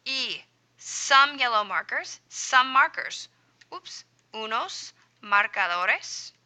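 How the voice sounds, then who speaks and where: Bright upbeat woman teaching a lesson. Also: lively intonation, slow. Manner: upbeat, encouraging, with sound effects like boom and boop. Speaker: Spanish teacher. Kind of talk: screen-recorded grammar lesson.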